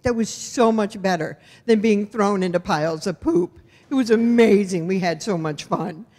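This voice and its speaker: A woman from rural Iowa tells a personal story with a wry, expressive delivery. Her voice sits in a middle pitch range. A long hall reverb trails her words. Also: moderate pace. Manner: wry, expressive, animated in punchlines. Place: storytelling event venue.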